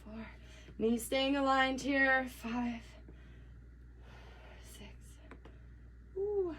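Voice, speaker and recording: A woman with a high voice coaches a workout while doing it herself. She counts reps aloud between panting breaths and keeps things upbeat with little jokes. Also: expressive, drawn-out words, fairly bright tone, slight background noise. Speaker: fitness coach. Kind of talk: workout instruction while exercising.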